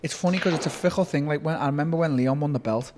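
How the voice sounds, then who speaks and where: A man, speaking as a guest in a casual sit-down interview, telling stories in a rapid, animated way with lots of swearing and restarts. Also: a little high, noisy background. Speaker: interviewee, fighter.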